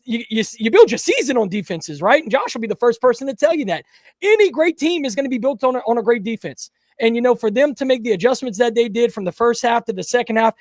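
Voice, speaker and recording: A man's voice: very high-pitched, dry recording, clean studio sound. A man, co-hosting a casual sports talk podcast, emphatic and repeating himself when fired up. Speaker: podcast co-host.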